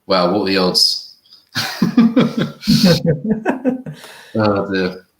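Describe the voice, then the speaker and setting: A man's voice: fairly low pitch, huge pitch swings, very slow. A man co-hosting a casual live stream, talking hesitantly with many fillers and reading quotes aloud. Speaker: co-host of a theme park fan channel. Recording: roomy echo.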